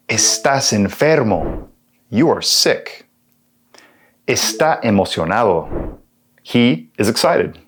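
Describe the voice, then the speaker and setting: A man from Texas with a Texan accent, teaching a beginner language lesson and walking through examples one at a time. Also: on the low side. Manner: slow and clear, repeating examples with translations. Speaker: Spanish teacher.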